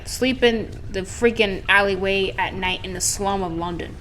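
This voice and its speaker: A woman's voice: medium pitch, steady tone, normal speed, hardly any pauses, fairly bright tone, a little hiss or hum, low-quality recording. A woman gaming streamer reading a story game aloud, with self-mocking asides.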